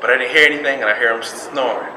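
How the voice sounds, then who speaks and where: A man, giving a personal storytelling speech in an animated way. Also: mid-range voice, racing. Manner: animated storytelling, acts out quotes. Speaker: public speaking club member. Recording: echoey room with background noise.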